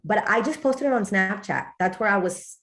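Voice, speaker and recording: A woman's voice: mid-range voice, moderate pace, a bit bright. A woman from Texas, a wellness coach guest, telling her story in a chatty, storytelling way. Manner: chatty storytelling, quotes her own thoughts. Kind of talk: casual interview chat.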